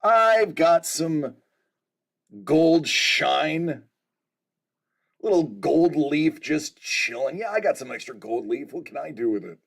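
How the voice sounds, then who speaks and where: A man's voice: on the high side, lively intonation, slow, creaky, a bit bright, exaggerated voice. A man voicing a boastful, laid-back gold dragon figurine showing off its shine. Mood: smug boasting.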